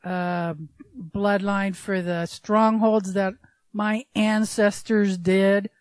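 Slow-spoken woman asking a question. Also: mid-range voice, flat delivery, no room sound, clean studio sound. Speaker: audience member asking a question. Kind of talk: question from the audience.

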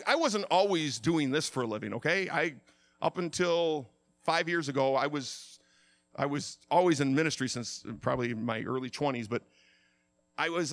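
A middle-aged man preaching a sermon, telling stories in an animated way and acting out the shouts himself. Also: medium pitch. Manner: animated storytelling, acts out shouts. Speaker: pastor.

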